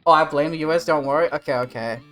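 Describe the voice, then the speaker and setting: Faint music plays behind a young Australian man as he rambles laid-back to his stream viewers, swearing along the way. He talks fast in a fairly high, fairly bright voice.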